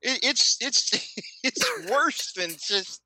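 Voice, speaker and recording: A man's voice: very high-pitched, wildly swooping pitch, slow, sharp tone, no echo, poor audio. A man co-hosting a podcast, chiming in with dry, sarcastic remarks in casual comedic chat. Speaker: podcast co-host.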